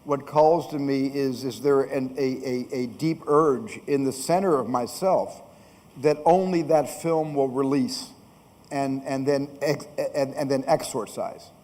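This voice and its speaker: A man's voice: medium pitch, measured pace, a little mellow. A man, a film director, talking thoughtfully in an interview with stammering restarts. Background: music.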